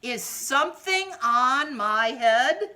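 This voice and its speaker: A woman voicing a big, nervous male elephant in a picture book, loud and alarmed. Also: mid-range voice, slow.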